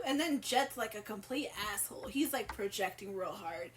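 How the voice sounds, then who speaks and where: A woman's voice: mid-range voice, lively intonation, normal speed, hardly any pauses. A woman co-hosting a podcast, telling a story in a giggly, profane, rambling way. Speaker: podcast co-host. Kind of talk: casual storytelling chat.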